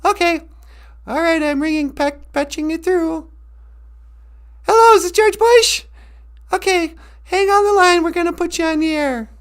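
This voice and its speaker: A man voicing a chirpy female switchboard operator in a high, cheery falsetto. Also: normal speed, long pauses, fairly bright tone.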